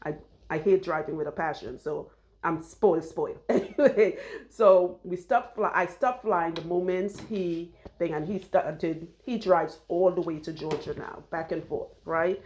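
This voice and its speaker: A woman, her voice sitting a little low. She talks in a loose, rambling way and laughs often. She is recorded close on a clip-on mic. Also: unhurried, darkish tone. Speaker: loctician and vlogger. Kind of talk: casual chat while getting her hair done.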